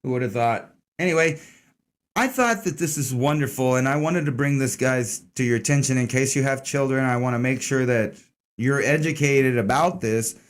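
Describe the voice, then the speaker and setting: A man's voice: mid-range voice, moderate pace. A man hosting an online news commentary stream, talking casually, sarcastic, rambling and full of swearing.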